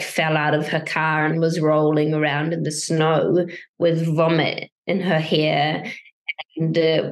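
A young woman with a New Zealand accent, chatting as an actor guest in an interview, with frequent fillers and light laughs. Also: sits low. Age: young adult. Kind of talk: casual interview chat.

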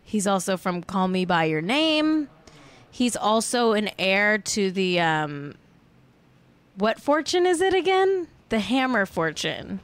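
A young woman hosting a podcast, a little tipsy and chatting casually. She rambles and giggles, full of fillers, and her pitch swings up and down a lot. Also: big pitch swings, slow, clean tone. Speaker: podcast host. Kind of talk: casual chat.

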